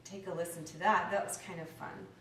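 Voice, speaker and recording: A woman, an acting professor and dialect coach, giving an animated lecture and demonstrating sounds aloud. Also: fairly low pitch, brisk, recorded from a distance, slight background noise. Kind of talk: lecture talk. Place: lecture room, indoors. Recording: echoey room, picked up from afar.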